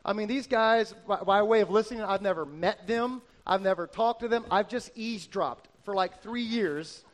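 A middle-aged male pastor preaches with a high, light voice. He tells personal stories earnestly, driving points home by repeating phrases. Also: normal speed. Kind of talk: sermon.

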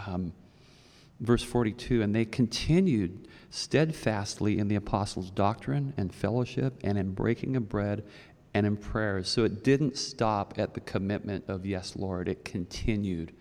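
A man preaches in a loose, storytelling way, doubling back on his words and filling pauses as he goes. His voice sits low and carries a gravelly fry. The sound rings out with the long reverb of a church hall. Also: a little mellow. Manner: storytelling, rambling with many restarts. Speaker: pastor. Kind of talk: conversational sermon. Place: church sanctuary.

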